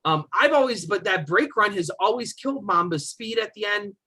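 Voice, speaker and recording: A man's voice: high-pitched, lively intonation, normal speed, bright, forceful tone, breathy edge. A man co-hosting a casual podcast chat, talking in an enthusiastic, opinionated way with plenty of fillers like "um" and "like". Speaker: podcast co-host. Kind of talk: casual chat about roller coasters.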